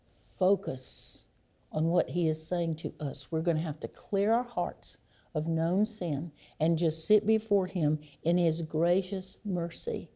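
A woman preaching a sermon, reflective and unhurried, sinking to a near hush on key phrases. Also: lowish voice.

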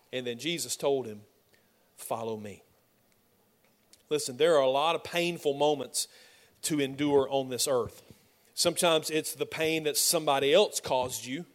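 A man preaching with a fairly high voice, driving his points home emphatically. He swings between loud declarations and hushed, close asides, a pastor working through scripture with his congregation. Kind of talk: sermon.

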